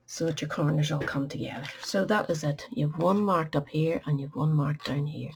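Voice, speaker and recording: Casting: woman craft host, low gravelly voice, chatty step-by-step teaching, faint background hiss. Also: fairly quick, few pauses, a little mellow. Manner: chatty, instructive, drops to a murmur at times.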